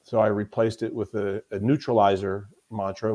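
Fairly low-pitched and mellow, his tone level and pace moderate, a mental toughness coach guests on a conversational podcast interview. He delivers his stories with emphasis and frequent repetition.

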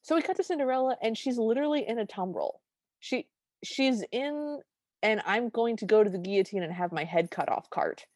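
A woman's voice: a little high, animated, brisk, a little mellow, no echo. A woman co-hosting a podcast, giving a wry, sarcastic recap of a film and reading out her own notes. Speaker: podcast co-host. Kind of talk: casual chat recapping a film.

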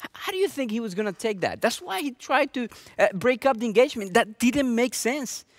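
High-voiced male preacher, earnest. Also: expressive, a little fast, no room sound. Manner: earnest, with many rhetorical questions. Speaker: pastor. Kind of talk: sermon.

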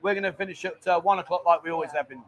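Chatty bar host, high voice. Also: male voice, fairly even intonation, very fast. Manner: chatty, banter-filled, reads viewer comments aloud. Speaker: bar owner and livestream host. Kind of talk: casual livestream chat. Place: busy bar lounge.

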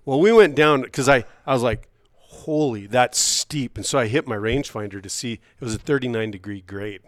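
A man co-hosting a podcast, telling a hunting story in a casual, animated way, often laughing as he acts out what people said. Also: mid-range voice, moderate pace, no room sound. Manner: animated, laughs often while acting out quoted dialogue. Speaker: podcast co-host.

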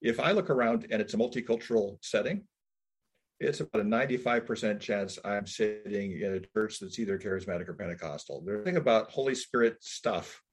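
A man's voice: fairly low pitch, husky. A man interviewing a pastor, musing and thinking aloud about church and culture. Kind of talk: reflective interview talk.

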